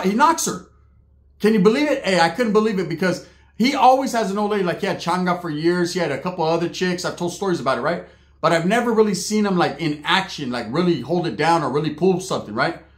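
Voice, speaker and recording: Man, slightly high voice, crude comic storyteller, roomy echo. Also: animated, fairly quick. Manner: slangy, crude, laughing asides. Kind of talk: comedic storytelling.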